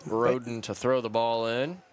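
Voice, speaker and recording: A man's voice: medium pitch, level tone, a little slow. Easygoing male soccer commentator. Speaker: color commentator. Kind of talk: live soccer play-by-play.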